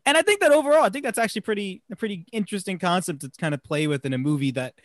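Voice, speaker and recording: A man from New Jersey talks through a movie with friends, animated and quick to laugh, stumbling over restarts and fillers. His voice sits a little high for a man, and the sound is close and dry with no room around it. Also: no echo. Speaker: podcast co-host. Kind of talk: casual movie discussion.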